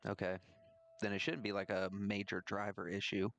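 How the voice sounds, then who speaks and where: A man's voice: fairly low pitch, little pitch movement, normal speed, vocal fry, a bit bright. A man who plays in a tabletop game, joking and offering help in casual chat over a voice call. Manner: joking, helpful. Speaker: player. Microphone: online voice call.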